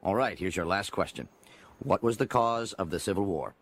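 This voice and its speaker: An actor voicing a gruff male citizenship examiner in a cartoon, curt and impatient. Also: low-pitched, lively intonation, normal speed, fairly bright tone, dry recording, heavily acted. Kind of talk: cartoon dialogue clip played on radio.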